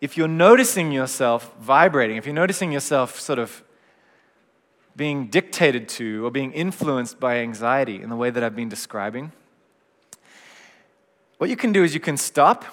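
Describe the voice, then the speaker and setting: Middle-aged guy giving a gentle chatty sermon, church hall with long echo. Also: medium pitch, animated, moderate pace. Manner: gentle, reflective, conversational. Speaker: pastor.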